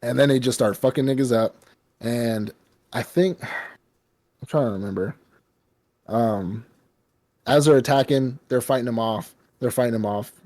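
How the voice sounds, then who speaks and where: Man, podcast co-host, casual movie recap, rambling, swears a lot, mid-pitched. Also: unhurried, long pauses. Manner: rambling, profane, animated storytelling.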